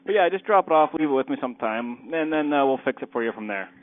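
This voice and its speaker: A man's voice: medium pitch, animated, close to an everyday voice. A man playing a careless, rude mechanic, answering a customer's call in a training skit. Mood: curt. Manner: brusque, dismissive, rushed. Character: careless rude male mechanic, middle-aged. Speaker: rude garage owner on the phone. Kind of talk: scripted phone call skit. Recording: tinny phone line.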